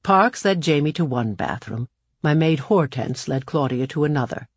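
A woman narrating a storybook in the first person, in a measured, unhurried way. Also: low-pitched, slightly rough, no echo, studio quality. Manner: measured, unhurried storytelling with lively shifts for dialogue. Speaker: audiobook narrator.

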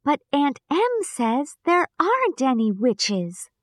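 A woman's voice: high-pitched, big pitch swings, slow, no room sound, pitched above the performer's own voice, exaggerated voice. A woman voicing a curious young girl who asks innocent questions. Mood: wondering.

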